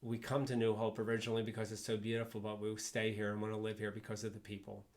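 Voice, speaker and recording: A man's voice: lowish voice, completely flat delivery, fast. An older man, a guest speaker, telling fond, rambling anecdotes and chuckling along the way. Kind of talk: anecdotal storytelling.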